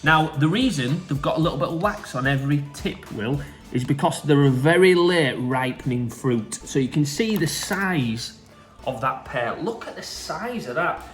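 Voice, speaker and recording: Faint music and an echoey room surround this Yorkshire man as he gushes over fresh produce in a casual showing. His voice is on the high side and expressive, at normal speed, caught by a distant mic.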